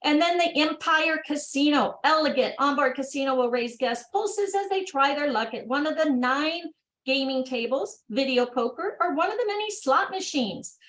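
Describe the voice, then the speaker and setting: A woman hosting an online workshop over a video call. She reads training material aloud at a brisk clip and breaks off for upbeat, chatty asides. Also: high-pitched, expressive, a bit bright, rough recording. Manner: brisk reading broken by upbeat exclamations. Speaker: workshop host.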